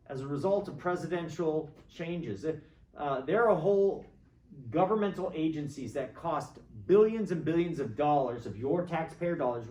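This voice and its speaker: Heard from far off in an echoey classroom, a middle-aged college lecturer talks government in a loose, opinionated way. His voice is on the high side and a little mellow, and he wanders between points while regularly checking that students are following.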